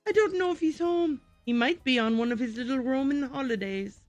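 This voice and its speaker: A woman's voice: sits high, a little fast, no room sound, soft background music, pitched above the performer's own voice, natural voice. A woman voicing a friendly French neighbor in a video game, with a put-on French accent and a playful, hammy reading.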